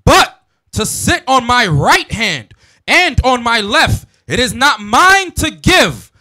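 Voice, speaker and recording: A man reading Bible verses aloud in a measured, deliberate way during a sermon. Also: very high-pitched, very animated, sharp tone. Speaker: scripture reader.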